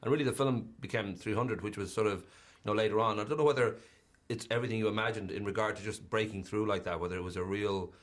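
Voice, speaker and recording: A man's voice: lowish voice, steady tone, fast, hardly any pauses. A man interviewing an actor, asking long, rambling questions full of fillers. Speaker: film interviewer.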